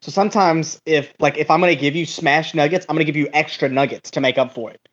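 A man's voice: a little high, steady tone, fast talker, a bit bright, dull audio. A man, a podcast guest talking casually and rambling, with lots of swearing and restarts.

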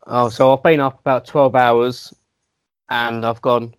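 A young man telling his side of a story in casual chat, low-key and self-deprecating, with some hesitant restarts. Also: fairly even intonation, a little slow, clear, resonant tone, dry recording. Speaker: guest.

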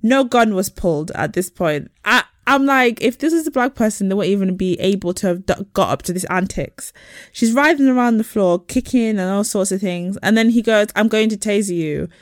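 A woman in casual podcast chat, her voice at a middle pitch and recorded dry and close. She tells stories with animation, slipping into the voices of the people she describes. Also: brisk, no echo. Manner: animated storytelling, acting out quoted people. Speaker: podcast co-host.

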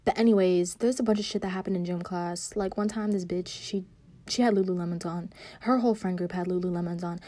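A woman's voice: on the low side, steady tone, fairly quick, warm tone. A woman ranting casually to camera, profane and rambling, scolding people who aren't there and dropping into sudden whispered asides. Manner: sassy, scolding an absent target. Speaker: vlogger. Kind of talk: casual rant.

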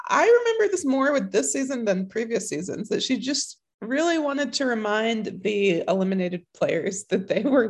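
Lively husky woman, giggling a lot. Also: on the high side. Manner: giggly, animated retelling. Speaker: podcast co-host. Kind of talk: casual recap chat.

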